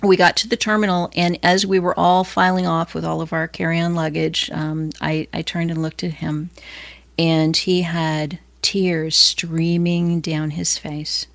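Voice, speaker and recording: A middle-aged woman from Los Angeles speaks in a loose, conversational devotional manner. Her voice sits fairly low with a gravelly edge, and she stops, restarts and fills pauses with ums. The sound is dry and close. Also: no room sound. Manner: conversational, many fillers and restarts. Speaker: Christian speaker. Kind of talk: informal devotional talk.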